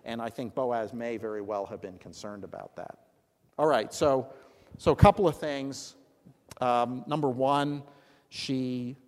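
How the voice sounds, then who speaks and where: A man leading a Bible study discussion, explaining a passage in an animated, storytelling way and acting out what the people said. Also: medium pitch. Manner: animated storytelling, acts out lines. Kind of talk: teaching discussion. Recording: long hall reverb.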